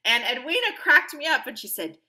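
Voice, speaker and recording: A woman with a bright, clear voice talks through her own stories as a podcast guest. She is upbeat and animated and acts out the voices of the people she quotes. The delivery is loose and conversational. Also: high voice, brisk. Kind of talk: conversational interview storytelling.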